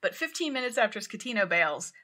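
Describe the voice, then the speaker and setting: Podcast co-host, woman, bright tone, lively storyteller who swears and shouts out quotes. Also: mid-range voice, a little fast. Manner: animated, swears, acts out quotes loudly. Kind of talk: casual storytelling chat.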